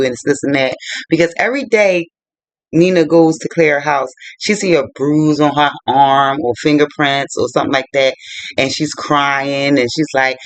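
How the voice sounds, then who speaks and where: A man retelling a book's plot in a lively, colloquial way for a casual review. His voice sits somewhat high. The sound is dry and close, with no room around it. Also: moderate pace, dry recording. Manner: animated colloquial storytelling. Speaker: book reviewer.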